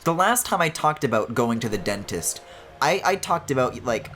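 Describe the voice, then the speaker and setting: A man's voice: medium pitch, sing-song, moderate pace, a bit bright, slight background noise. A man streaming a video game, chatting casually as he plays, swearing and laughing often. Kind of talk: casual let's-play commentary.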